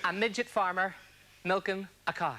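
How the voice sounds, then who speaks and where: High-voiced man doing stand-up one-liners. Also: steady tone, normal speed, heavy background noise. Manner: chatty one-liner delivery to an audience. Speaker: stand-up comedian. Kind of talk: stand-up comedy routine.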